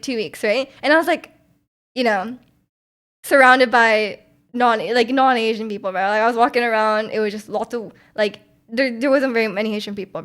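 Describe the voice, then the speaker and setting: Young canadian woman yapping on stream, bit high voice, rambly and giggly, lots of ums. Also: a bit bright. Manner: rambling, chatty, giggly, many fillers. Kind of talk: casual chat with live chat.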